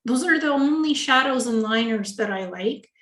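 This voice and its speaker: Chatty, somewhat high-voiced woman in an echoey room. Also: lively intonation, normal speed, a bit bright. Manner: chatty, tells family anecdotes with quoted dialogue. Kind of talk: casual video-call interview.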